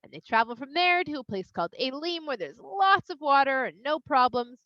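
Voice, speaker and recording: A woman from Toronto, telling a kids' story in an animated, expressive way with playful asides. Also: sits high, moderate pace, dry recording. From Toronto, Canada. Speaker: children's Bible storyteller. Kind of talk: storytelling for kids. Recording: slightly dull, dry sound.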